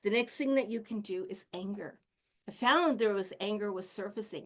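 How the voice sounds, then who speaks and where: A woman healer and teacher giving a casual spiritual talk, speaking candidly about her own experience and laughing softly now and then. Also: mid-range voice, normal speed. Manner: candid, self-disclosing, chatty with soft laughs.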